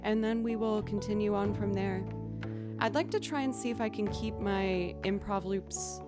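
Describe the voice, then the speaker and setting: A woman's voice: medium pitch, normal speed, over loud music. Chatty woman streamer greeting viewers. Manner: chatty, greets viewers by name, laughs often. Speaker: streamer and musician. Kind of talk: casual live-stream chat to viewers.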